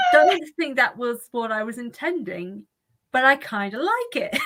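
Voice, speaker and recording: Woman, bright voice, giggly rambling livestream host. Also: on the high side. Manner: giggly, rambling, laughs often. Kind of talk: casual chat on a livestream.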